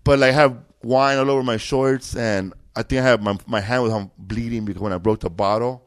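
A man's voice: mid-range voice, fairly even intonation, fairly quick. A man, a comedian guest, telling a rambling, profane story with bursts of laughter in a casual chat.

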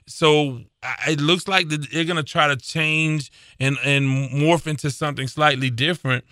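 A man's voice: on the high side, fairly even intonation, moderate pace, pushed and bright, no echo, studio quality. A man hosting a sports talk chat, giving opinions with lots of uhs as he thinks aloud.

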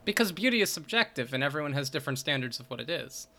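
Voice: mid-range voice, very animated, fast talker, bright, forceful tone. A speaker chatting with friends, explaining things matter-of-factly and swearing now and then. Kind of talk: casual chat.

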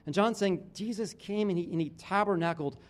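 A man preaching a sermon as pastor, talking casually with restarts, his phrases often dropping low and quiet at the end. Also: fairly quick.

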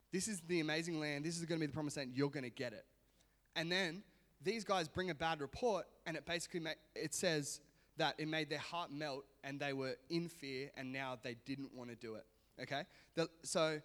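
A man's voice: a little high, moderate pace, fairly bright tone. A man giving a casual sermon, chatty and self-mocking, laughing often as he tells a personal story. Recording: long reverb of a hall.

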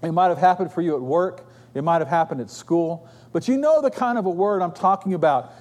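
A man's voice: sits high, fairly quick, a little mellow. A middle-aged man preaching a sermon, telling stories in an earnest, conversational way.

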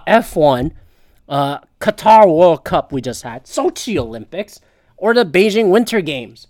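Podcast host, male, profane and sarcastic, lively pitch, ranting solo. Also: dry recording, clean studio sound. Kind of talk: casual solo commentary.

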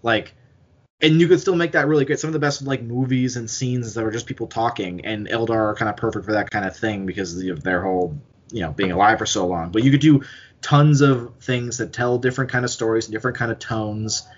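A man's voice: medium pitch, a little fast, breathy edge, highs cut off. A man co-hosting a podcast, talking casually and rambling as he thinks aloud. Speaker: podcast co-host. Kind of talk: casual chat.

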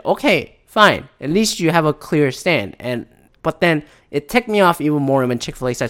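Man, slightly higher voice, heated profane rant, casual and mocking. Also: very animated, normal speed, a bit bright, smooth. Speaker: commentator. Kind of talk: ranting casual commentary.

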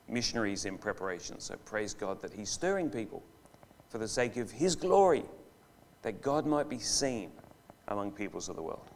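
Aussie bloke preaching a sermon in church, medium voice, drags out the key words. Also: male voice, mid-range voice, slight background noise. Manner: slows and stresses key words for emphasis. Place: church hall.

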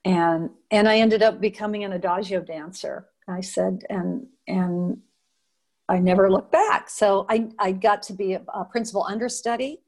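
An older woman from Nevada recalls her years as a dancer in an interview, in a mid-pitched voice. She tells her stories with energy, acting out other people's lines. She often restarts mid-sentence. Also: normal speed. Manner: lively storyteller, acts out quotes, frequent restarts and laughs. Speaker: interviewee, former showgirl dancer. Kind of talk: reminiscing in a recorded interview.

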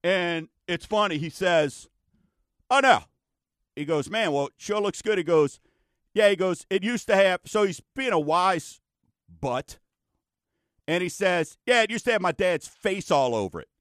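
A man's voice: sits high, animated, normal speed, a bit bright, no room sound, studio quality. A man hosting a radio show, telling stories in a chatty, folksy way. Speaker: radio show host, mortgage lender. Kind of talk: casual talk show chat.

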